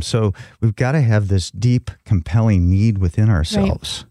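A reflective man co-hosting a faith chat, his voice fairly low and warm. He explains things gently and at an easy pace. The recording is dry and close. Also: animated, unhurried, hardly any pauses, no echo. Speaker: co-host. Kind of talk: casual devotional chat.

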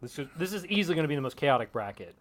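A man co-hosting a podcast, animated and swearing in casual chat. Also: a little high, rapid-fire. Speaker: podcast co-host.

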